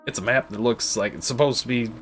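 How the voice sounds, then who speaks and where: A man voicing an excitable young outlaw with boyish, gasping exclamations, played in a tabletop game. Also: medium pitch, fast talker, music in the background, lightly acted. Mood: boastful. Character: excitable young male outlaw, boastful and childlike.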